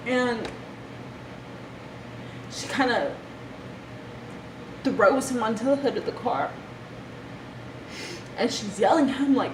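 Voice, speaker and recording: Young woman retelling her story, echoey room. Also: fairly high pitch. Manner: emotional, halting retelling with restarts. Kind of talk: personal storytelling vlog. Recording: echoey room with background noise.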